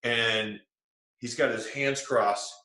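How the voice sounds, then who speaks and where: Taking his time in a mid-range voice, a young man from South Carolina, a guest actor, casually tells stories in an interview and brings the quotes to life with animated delivery. The recording has an echoey room sound.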